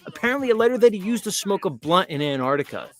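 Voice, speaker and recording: A man's voice: high-pitched, sing-song, fast talker, a bit bright. A man hosting a show, talking casually in a mocking, rambling way. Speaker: host. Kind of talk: casual livestream talk.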